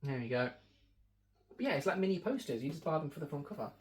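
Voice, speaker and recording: A man's voice: on the high side, very animated, fast, noisy background. A man from the shop staff, chatting casually through an unboxing with rambling, joking asides.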